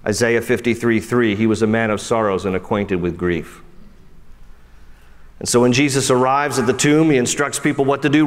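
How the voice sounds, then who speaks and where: With a big-room sound, a man preaches as pastor in a church sanctuary, lively and conversational. His delivery shifts from forceful high phrases to gentle low ones, punctuated by frequent offhand remarks.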